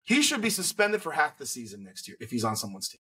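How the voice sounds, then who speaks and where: A man's voice: mid-range voice, huge pitch swings, fast, sharp tone, slightly rough, rough recording. A man co-hosting a sports podcast, ranting bluntly and with profanity in an indignant tone. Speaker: podcast co-host. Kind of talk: heated sports opinion rant.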